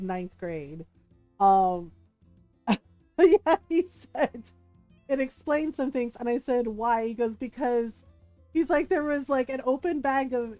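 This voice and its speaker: A woman's voice: on the high side, warm tone, no echo. A woman livestreaming a game, casually telling a story to her chat, giggling often and acting out the voices of the people she quotes. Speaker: livestream gamer.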